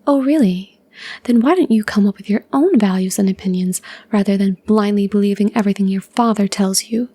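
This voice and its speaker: A woman's voice: medium pitch, brisk, mellow, no echo, natural voice. A woman voicing a defiant young woman in a whispered role-play, cold and condescending.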